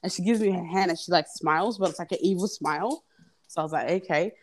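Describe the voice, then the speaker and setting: In a lowish voice at a quick pace, with a little hiss or hum on the audio, a young woman tells a long story as a podcast guest. She's animated, voicing the others' lines herself, and children are audible behind her.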